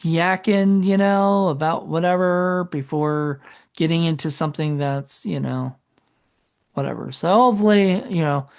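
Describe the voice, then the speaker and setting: With a clear, resonant tone and a fairly high pitch, a male co-host chats on a podcast at a slightly slow pace. He rambles casually, fixes his own wording as he goes, and lets sentences fade out.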